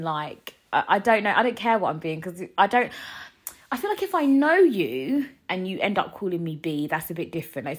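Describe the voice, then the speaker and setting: A woman, ranting in a casual solo podcast, animated and rambling with frequent laughs. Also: lowish voice. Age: 20s. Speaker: podcast host.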